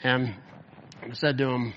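A Bible teacher gives a conversational lesson to a group in a hall or classroom with an audience, casually telling stories and using "like" as a filler a lot. His mid-range voice is flat in delivery, a little slow and fairly bright. The audio is dull, with long room reverb and slight background noise.

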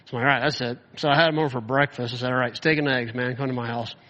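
A man's voice: mid-range voice, steady tone, rapid-fire, bright, forceful tone, slight background noise. A man giving a conversational Bible lesson to a group, telling stories casually with lots of "like" fillers. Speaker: Bible teacher. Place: hall or classroom with an audience. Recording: dull audio, long room reverb.

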